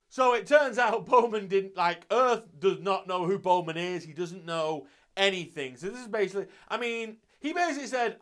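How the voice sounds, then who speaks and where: A man's voice: high voice, normal speed, fairly bright tone. A young man talking through an anime review in an offhand, sweary way, often restarting his sentences. His voice sits a little above the usual male range. The delivery stays casual and unscripted throughout. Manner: loose and sweary, with frequent restarts. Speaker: anime reviewer and channel host.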